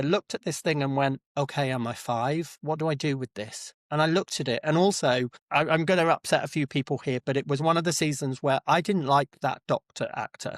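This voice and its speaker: A man hosting a podcast, telling stories in an animated, self-deprecating way. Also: fairly high pitch, dry recording, clean studio sound. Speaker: podcast host. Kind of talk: casual chat.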